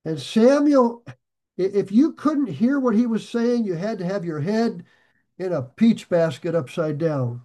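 A man preaching a sermon, talking to his listeners in an easy, conversational way and slowing down to press home key phrases. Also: sits high, lively intonation, mellow. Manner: emphatic, slows and rises to stress key phrases. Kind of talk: sermon on scripture.

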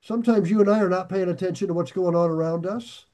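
A man with a high voice preaching a sermon. He talks to his listeners in a plain, chatty way. He drags out and lifts the phrases he wants to press home. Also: mellow. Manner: emphatic, slows and rises to stress key phrases; conversational asides to listeners. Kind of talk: sermon on scripture.

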